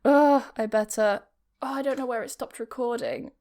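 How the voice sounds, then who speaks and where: A woman's voice: a little high, normal speed, mellow. A young woman hosting a podcast, telling personal stories in a rambling, casual, confessional way, laughing often. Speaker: podcast host. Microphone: camera recording.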